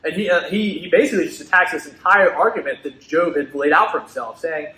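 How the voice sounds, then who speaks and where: A man's voice: fairly high pitch, a little fast, few pauses, bright, forceful tone. A man co-presenting a student ministry Bible lesson, talking casually and hesitantly, with lots of "like" and restarts. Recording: echoey room.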